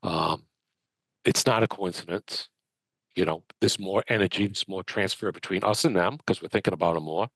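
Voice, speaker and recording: A man, a medium and podcast guest, telling anecdotes in an animated, chatty way with many restarts. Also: deep voice, normal speed, no echo. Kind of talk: conversational storytelling.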